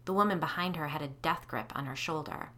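A woman podcast host narrating a first-person ghost story in a steady, measured reading. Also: low voice.

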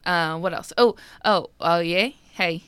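A woman's voice: lowish voice, measured pace, fairly bright tone, smooth, no room sound. A young adult woman co-hosting a casual chat, rambling and trailing off often. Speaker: podcast co-host.

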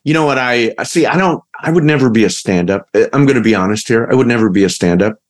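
A man's voice: mid-range voice, expressive, fast talker. A man hosting a podcast, playful and joking in a casual, rambling chat. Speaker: podcast host.

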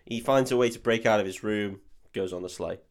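A man's voice: on the low side, brisk. A man co-hosting a podcast, recapping a film in sweary, laughing casual chat and acting out scenes in silly voices.

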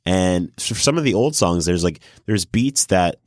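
Deep-voiced man chatting about music. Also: lively intonation, measured pace, no room sound, studio quality. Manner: chatty, enthusiastic, lots of fillers. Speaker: podcast co-host. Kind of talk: casual music review chat.

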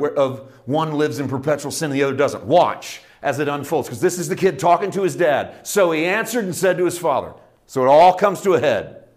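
A middle-aged man preaching a sermon, telling a parable with lively storytelling and acting out its characters. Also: fairly high pitch. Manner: animated storytelling, acting out characters, rising to shouts. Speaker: pastor.

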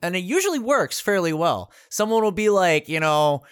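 This co-host talks in a lively voice that rises and falls a lot and curses freely while rambling through gaming anecdotes. The sound is dry and close, with no room around it. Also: mid-range voice, moderate pace, clear, resonant tone, dry recording. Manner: animated, profane storytelling. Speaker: podcast co-host. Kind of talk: casual podcast chat.

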